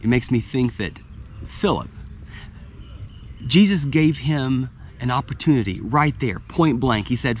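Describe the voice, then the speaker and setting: A middle-aged man delivers a sermon in a relaxed, conversational style, often repeating words as he restarts phrases. His voice sits at an ordinary pitch for a man. A faint hum of noise stays in the background. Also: measured pace, long pauses. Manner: conversational, with frequent restarts and light laughs. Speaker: pastor.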